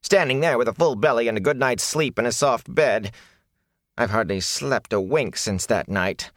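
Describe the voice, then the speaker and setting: A man voicing a ragged, frightened male peddler who talks in a raspy, hoarse, whining way. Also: mid-range voice, moderate pace, no echo, studio quality, voice pushed up, natural voice. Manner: whining, fearful, rambling.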